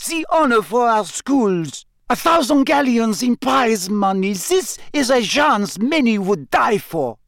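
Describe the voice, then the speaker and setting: A man's voice: very high voice, very animated, takes it slowly, creaky, few pauses, fairly bright tone, pitched above the performer's own voice, exaggerated voice. A man reading an audiobook, voicing a proud, indignant young woman in a much raised voice. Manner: indignant, emphatic.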